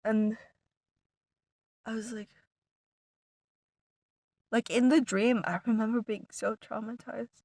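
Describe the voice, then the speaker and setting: A woman with a fairly high voice tells a story straight to her viewers, rambling and circling back with constant "like" fillers. She drops some words to a hushed whisper. The sound is dry and close. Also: slow, pauses often, no echo. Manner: rambling, full of "like" fillers and restarts; animated retelling, some words dropped to a whisper. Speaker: vlogger. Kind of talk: casual storytelling to camera.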